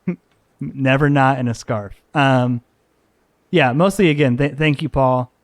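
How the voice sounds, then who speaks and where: A man co-hosting a movie podcast in relaxed, loose chat, swearing freely and laughing between thoughts. His voice sits at an everyday middle pitch. The sound is dry and close, with no room around it. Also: unhurried, no room sound. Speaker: podcast co-host. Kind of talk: casual chat.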